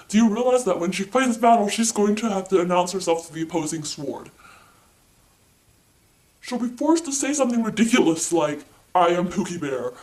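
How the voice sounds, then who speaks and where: A woman's voice: fairly low pitch, a little mellow, pitched below the performer's own voice, lightly acted, poor audio. A woman voicing a stern male warrior angel who lectures in a dry way while reading scenes from a book.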